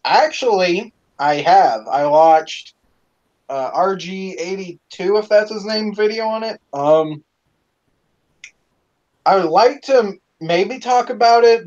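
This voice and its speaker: A man hosting a live stream, casually telling stories to fans in an animated, profane way with lots of fillers. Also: high voice, muffled recording.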